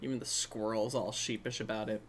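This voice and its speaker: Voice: medium pitch, flat delivery, a little fast, slight background noise. A host talking through a film in a casual commentary, rambling and chatty, with many side remarks. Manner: rambling, chatty, trailing off into asides.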